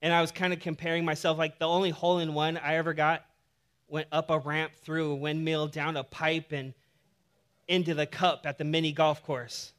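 A male pastor preaching a sermon in a casual, animated way, mixing humor with scripture. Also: a little high, normal speed, clean tone.

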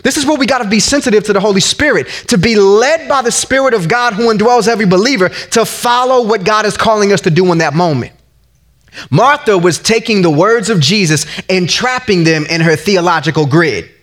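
A man in his thirties delivering a sermon with a high, bright-sitting voice. He talks in casual, slangy phrases and acts out voices in his stories, swinging from soaring highs down to low, quiet asides. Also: a little fast. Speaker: pastor.

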